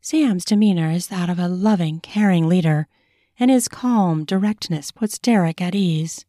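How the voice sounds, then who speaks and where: A woman author narrates her own erotic fiction in a measured, sensual reading. Her tone is mellow and warm, recorded dry and close. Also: lowish voice, no echo. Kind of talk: audiobook reading.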